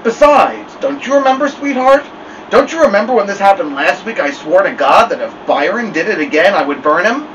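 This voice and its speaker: A man's voice: sits high, lively intonation, fairly quick, a bit bright, far from the mic, muffled recording, slight background noise, voice pushed up. A man voicing a stern mother who talks sweetly while threatening her son, in a storybook reading. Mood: menacing sweet. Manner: sweet-talking with menace. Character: stern fierce mother, coaxing then threatening.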